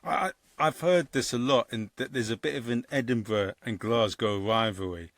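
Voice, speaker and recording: A man's voice: medium pitch, normal speed, a bit bright. A man hosting a podcast interview, chatting casually and asking curious questions, often repeating his words as he starts. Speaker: podcast host.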